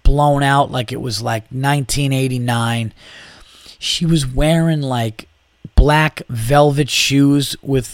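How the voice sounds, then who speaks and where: A man's voice: mid-range voice, dry recording, studio quality. A man, a comedian and podcast host, telling a story casually with profanity and plenty of "like" and false starts. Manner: profane, rambling, lots of "like" and restarts.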